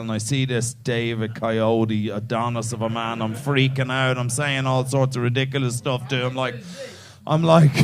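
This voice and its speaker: A man performing stand-up comedy in a club, swearing freely and teasing a man in the audience. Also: medium pitch. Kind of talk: stand-up comedy crowd work.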